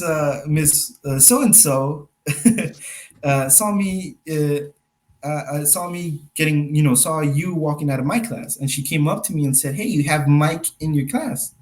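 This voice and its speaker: A man's voice: a little high, rough recording. A young adult man, a magician guest on a casual podcast, rambling through anecdotes, laughing often and acting out what others said. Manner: rambling storyteller, laughs often, acts out quotes.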